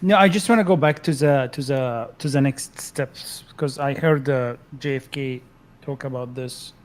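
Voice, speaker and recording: A man's voice: medium pitch, moderate pace. A man on a casual stream panel who speaks hesitantly with many fillers and laughs at himself. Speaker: panel guest.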